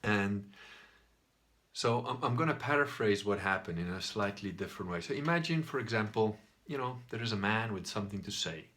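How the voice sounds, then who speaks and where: A man's voice: fairly low pitch, animated, fairly quick, a bit bright. A man hosting his own video, telling a story in a casual monologue, swearing now and then. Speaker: video host.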